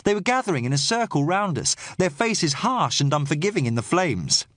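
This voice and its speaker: Dry, measured male audiobook narrator. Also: a little high, sing-song, fairly bright tone, dry recording. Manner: measured, tense storytelling. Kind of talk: first-person audiobook narration.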